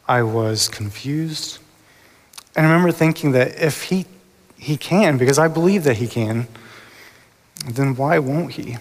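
Earnest man preaching in a hall. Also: medium pitch. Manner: earnest, hesitant, many ums and restarts. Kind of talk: sermon. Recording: long reverb of a hall.

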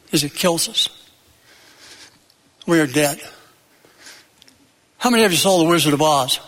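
A male preacher delivers his sermon with a high-pitched voice that carries through a reverberant hall. He builds to loud peaks, then drops low and quiet. Now and then he breaks off into a joke or a story. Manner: tells jokes and stories.

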